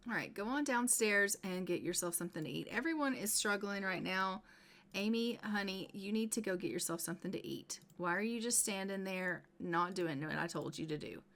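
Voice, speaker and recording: A young woman hosting a gameplay video chats through a life-sim game in a normal middle pitch at ordinary speed, expressive and teasing. She scolds her characters with mock exasperation, now and then dropping into a whisper for a hushed aside, all in casual let's-play commentary.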